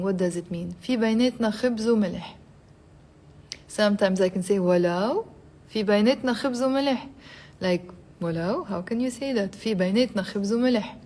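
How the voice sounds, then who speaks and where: A woman teaching Arabic in a live online lesson. She repeats phrases slowly, then coaxes her viewers to say them aloud with her. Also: medium pitch, darkish tone.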